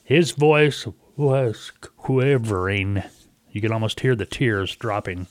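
A man's voice: lowish voice, slow pace, dry recording. Folksy man hosting a talk radio show. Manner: folksy, storytelling, acts out callers in quotes. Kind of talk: casual talk radio monologue.

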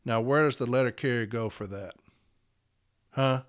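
A man's voice: mid-range voice, moderate pace. A man telling a story about a workplace confrontation, blunt and profane, acting out both sides of the argument as a union representative. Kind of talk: storytelling monologue.

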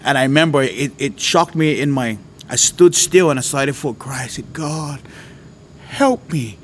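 Man, mid-pitched, earnest storyteller sharing a faith testimony. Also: brisk, fairly bright tone, slight background noise. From Hawaii.

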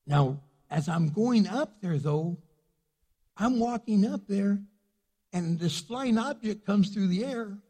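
Male pastor, animated sermon anecdote with voiced characters; slightly high voice, long church-hall reverb. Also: slow pace, breathy edge. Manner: lively anecdotes, acting out the people in his story. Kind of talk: sermon storytelling.

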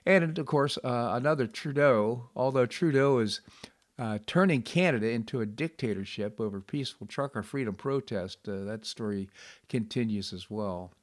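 A man's voice: mid-range voice, moderate pace. A middle-aged man hosting a radio talk show, reading news and giving commentary in a conversational way with frequent fillers and restarts.

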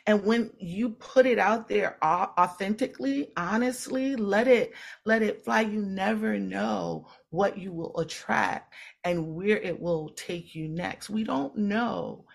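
A woman speaking as a podcast guest, teaching spiritual ideas slowly and earnestly and repeating phrases for weight. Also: mid-range voice, vocal fry. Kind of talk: casual podcast conversation.

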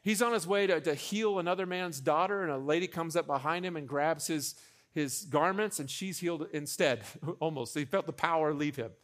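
A young adult man preaching a sermon as pastor, animated, with joking asides, repeating phrases for emphasis. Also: a little high, normal speed.

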